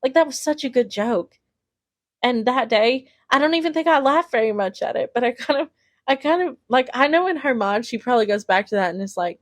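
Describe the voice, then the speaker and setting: A woman's voice: sits high, animated, a little fast, dry recording, studio quality. Chatty young woman telling stories. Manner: chatty, rambling, lots of "like" and "literally". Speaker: podcast host. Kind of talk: casual storytelling monologue.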